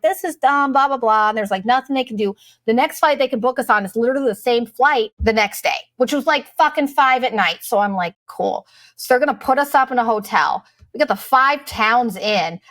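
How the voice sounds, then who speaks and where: A woman's voice: on the high side, fairly bright tone, no echo. Profane, exasperated middle-aged woman storyteller. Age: late 30s to 40s. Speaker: vlogger. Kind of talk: casual storytelling rant.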